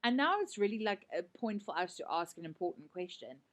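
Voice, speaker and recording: South African woman, teacher, relaxed lesson delivery, lower register, chatty filler-heavy explaining. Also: brisk. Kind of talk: casual lesson explaining a set drama.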